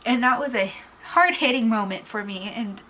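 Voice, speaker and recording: A woman chatting casually in a get-ready-with-me vlog, candid and reflective, teary-eyed, trailing off into pauses. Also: a little high, pushed and bright, rough recording. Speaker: beauty vlogger.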